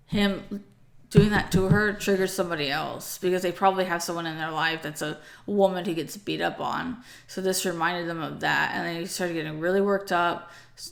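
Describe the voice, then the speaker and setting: A woman's voice: lowish voice, vocal fry. A young woman casually recounting a story in a rambling way, with lots of fillers and restarts, sounding tired.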